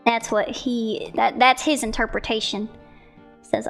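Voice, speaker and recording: A woman's voice: fairly high pitch, level tone, unhurried, vocal fry, a bit bright, soft background music. A young woman streamer chatting casually about viewer art, rambling with giggles and self-corrections. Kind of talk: casual chat.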